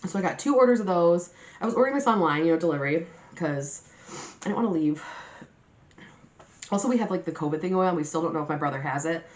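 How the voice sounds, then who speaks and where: A young woman with a fairly low voice, telling a story to her viewers in a chatty, animated way and cursing freely. The room has a noticeable echo, like bare walls around her. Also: fast, pauses often. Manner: chatty and animated, swears freely, laughs often. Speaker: mukbang vlogger. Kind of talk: casual storytime chat to camera. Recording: roomy echoey room.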